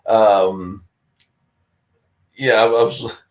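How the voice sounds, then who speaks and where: A man's voice: fairly low pitch, steady tone, very slow, rough recording. A middle-aged man from Denmark, co-hosting a casual live-stream chat, a chatty storyteller who laughs often and acts out the voices of other people.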